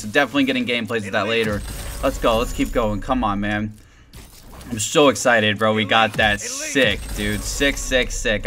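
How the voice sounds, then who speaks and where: A young man giving excited, rambling gameplay commentary as a gaming video host. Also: medium pitch. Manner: hyped, rambling, shouts and laughs at rare drops. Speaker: gaming YouTuber.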